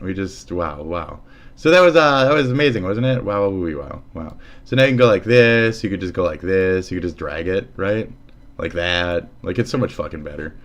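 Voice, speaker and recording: Profane gravelly live streamer man. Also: low-pitched. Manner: rambling, profane, sarcastic, often trailing into mutters. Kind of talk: casual profane streaming chat.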